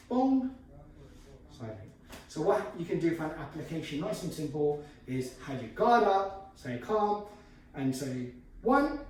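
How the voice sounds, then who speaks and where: A man's voice: fairly high pitch, darkish tone, heavy reverb. Male instructor, demonstrating as he talks; distant mic, hollow room, faint noise. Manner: explanatory, moving while demonstrating. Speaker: martial arts instructor. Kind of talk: demonstrating martial arts technique.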